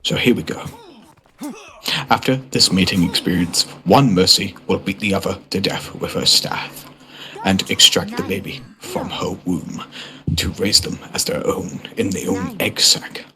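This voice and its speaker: A man's voice: deep voice, steady tone, unhurried, pushed and bright. A man putting on a pompous nature-documentary narrator voice in voice chat, speaking with mock-solemn gravity. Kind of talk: voice chat role-play.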